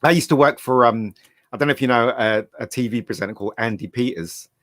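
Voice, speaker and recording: A man's voice: medium pitch, fast talker, fairly bright tone, no room sound, studio quality. A middle-aged man from England chatting casually on a live stream, rambling through anecdotes with restarts. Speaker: guest. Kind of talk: casual chat.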